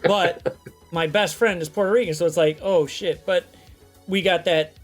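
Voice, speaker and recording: Guy hosting a stream, kinda high voice, loud and sweary, music playing low. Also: fairly quick. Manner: loud, swearing, animated storytelling. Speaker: stream host. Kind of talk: casual chat.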